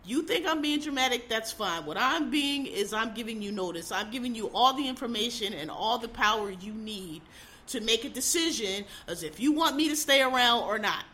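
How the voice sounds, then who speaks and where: A woman's voice: on the high side, animated, normal speed, bright, forceful tone. Blunt, profane woman ranting. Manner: repeats points for emphasis. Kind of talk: casual opinion rant.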